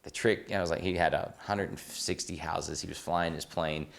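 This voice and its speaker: A man hosting a podcast, telling a story in a casual, rambling and animated way, laughing as he goes. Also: low voice, normal speed, vocal fry. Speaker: podcast host and real estate coach.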